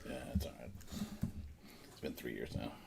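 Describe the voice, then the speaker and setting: A man's voice: a bass voice, normal speed, vocal fry, noisy background. A man co-hosting a casual beer podcast, dry and teasing. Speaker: podcast co-host. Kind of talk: casual chat, beer tasting.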